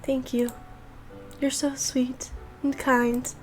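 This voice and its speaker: A woman reading aloud the lines of a gentle, ailing mother in a horror visual novel, in a soft, tender voice. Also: high voice, level tone, slow, faint music behind, voice pushed up.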